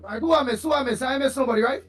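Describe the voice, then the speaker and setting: A man's voice: very high-pitched, racing, soft background music. A Trinidadian man hosting a live morning show, chatty and playful, greeting viewers by name and laughing often.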